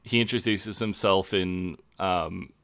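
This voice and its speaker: Male podcast co-host, low-pitched, relaxed recap chat with dry quoted lines. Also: slow pace, gravelly, dry recording. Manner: recounts scenes, quoting lines dryly.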